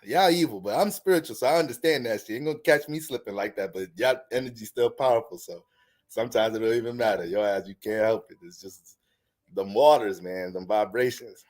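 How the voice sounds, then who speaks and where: A man's voice: on the low side, brisk. A man who hosts an astrology channel, talking in a casual, profane, rambling monologue. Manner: profane, animated, rambling, restarts often. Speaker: astrology content creator.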